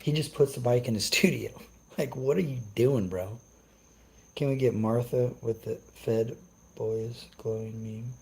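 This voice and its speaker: A man's voice: medium pitch, a little slow, vocal fry, a little mellow, poor audio. A young man on a casual live stream, ranting brashly and cursing as he answers his chat. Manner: profane, brash, trash-talking.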